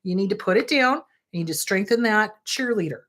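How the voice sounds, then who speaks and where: A middle-aged woman therapist talks to her listeners in a blunt, animated way. She swears for emphasis and often stops to check they are following. Her voice sits at an ordinary middle pitch. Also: fairly quick. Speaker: therapist, podcast host. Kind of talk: casual advice monologue.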